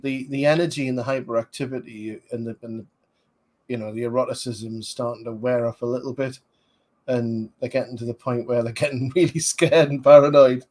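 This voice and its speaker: A man's voice: mid-range voice, steady tone, a little fast, a little mellow. A man, rambling casually as a podcast host reviewing a film, with many fillers. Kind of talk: casual movie commentary.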